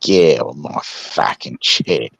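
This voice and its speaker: A man putting on a drunk, belligerent bloke with a put-on Australian accent, growling and swearing slowly. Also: extremely low pitch, expressive, vocal fry, fairly bright tone, breathy edge, muffled recording, pitched below the performer's own voice, full character voice.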